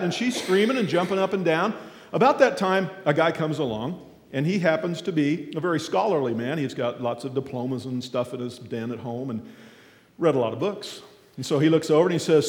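A man speaking as a guest at a church, telling a folksy story as a sermon. He talks haltingly with many fillers, then gets lively and shouts out the characters' cries. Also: fairly high pitch. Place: large echoing church hall. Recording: echoey hall with long reverb.

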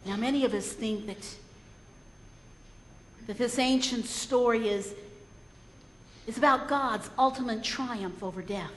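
A woman preacher with a high voice tells a story from the pulpit, earnest and reflective. She often repeats words as she gathers her thoughts. The room is roomy and echoing, with a long reverb trailing after her. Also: a little slow, long pauses, a little hiss or hum. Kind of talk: sermon storytelling. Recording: echoey hall.

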